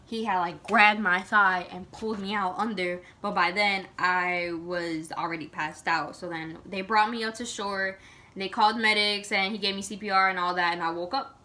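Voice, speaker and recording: A woman vlogger telling a story to camera in a casual, animated way, full of "like" and dramatic retelling. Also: mid-range voice, moderate pace.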